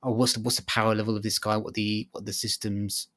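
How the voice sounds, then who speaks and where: A man's voice: fairly low pitch, little pitch movement, fast, a bit bright. A man co-hosting a casual podcast, talking thoughtfully and hesitantly with many ums. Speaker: podcast co-host. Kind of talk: casual chat.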